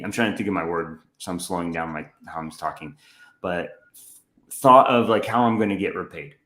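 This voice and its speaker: A low-voiced young man co-hosts a relaxed chat, recounting a story with energy. He acts out every quote, leaping high in pitch when he plays the other people. His voice rings in a roomy, echoey space. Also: normal speed. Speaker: podcast co-host.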